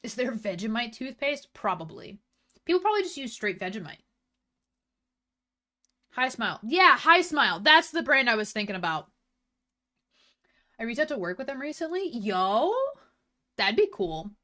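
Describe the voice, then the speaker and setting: A woman's voice: fairly high pitch, sing-song, normal speed, pauses often, sharp tone. A young woman streamer chatting casually with her viewers, blunt and full of swearing. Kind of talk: casual chat stream, reading chat.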